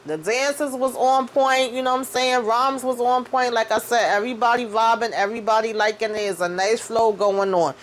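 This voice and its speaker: A woman's voice: on the high side, fairly even intonation, moderate pace, few pauses, slight background noise. A woman casually recapping a TV episode, acting out the characters' lines as she retells the story. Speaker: recap vlogger.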